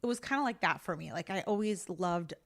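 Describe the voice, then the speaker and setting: A woman's voice: on the low side, lively intonation, a little fast, creaky. A pregnant woman in her thirties hosting a casual solo podcast, chatting candidly with lots of filler words and sounding a little out of breath. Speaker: podcast host.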